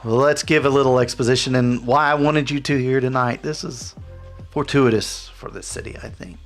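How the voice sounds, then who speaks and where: A man's voice: mid-range voice, moderate pace, gravelly, soft background music, pitched above the performer's own voice, natural voice. A man voicing a haughty, mocking female vampire prince in a tabletop game, with a sly, sarcastic manner. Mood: grand. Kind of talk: tabletop role-play voice acting.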